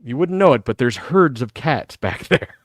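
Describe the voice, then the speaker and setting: In a dry, clean studio recording, a middle-aged man from the US speaks at medium pitch and moderate pace. Hosting a live talk show, he tells meandering, animated stories and voices other people's lines himself.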